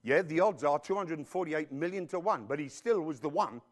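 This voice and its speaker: Animated high-voiced male preacher. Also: fairly quick, very noisy. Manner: emphatic, animated, rhetorical questions to the congregation. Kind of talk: sermon.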